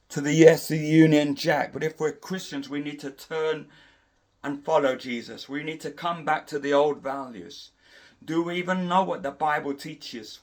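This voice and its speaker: A middle-aged man giving an impassioned preaching monologue, repeating and restarting his phrases for emphasis. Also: a little high. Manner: repetitive, emphatic, with frequent restarts. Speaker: Christian preacher.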